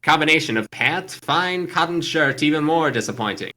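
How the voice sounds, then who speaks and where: A man's voice: a little high, expressive, normal speed, pushed and bright, voice pushed up. A man reading a stiff formal father's clipped notes aloud on stream. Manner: clipped, telegram-like formal phrasing.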